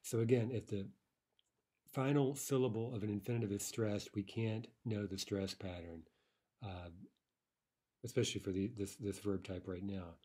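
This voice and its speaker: A man's voice: fairly low pitch, steady tone, moderate pace, mellow, husky. A man teaching a language lesson, explaining step by step with frequent fillers and "right?" checks. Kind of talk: screen-recorded lesson walkthrough.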